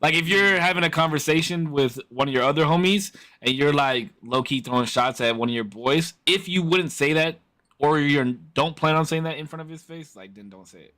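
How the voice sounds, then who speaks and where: A man's voice: on the high side, fairly quick, sharp tone. A young man co-hosting a podcast, giving his opinions in slangy casual chat. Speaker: podcast co-host.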